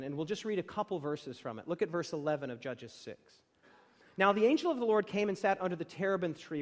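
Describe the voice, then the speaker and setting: A man preaching a sermon as pastor, swinging from quiet asides to emphatic, rising declarations. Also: high-pitched. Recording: long reverb of a large room.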